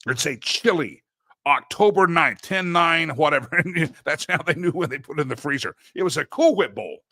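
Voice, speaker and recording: A middle-aged talk show host with a fairly high, animated voice and a sharp tone speaks at a moderate pace in a dry recording. His casual monologue rambles through personal anecdotes, and he often corrects himself mid-sentence.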